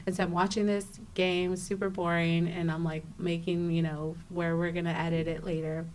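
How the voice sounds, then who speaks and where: A young adult woman, a podcast guest, telling a personal story in a casual interview, animated and acting out her own exclamations, with frequent restarts. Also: lowish voice, normal speed, a little hiss or hum.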